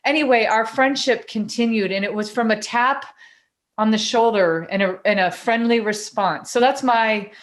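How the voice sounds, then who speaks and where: A woman co-hosting a podcast, telling a personal story in a chatty, animated way. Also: a little high, normal speed. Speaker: podcast co-host and coach. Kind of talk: casual storytelling in conversation.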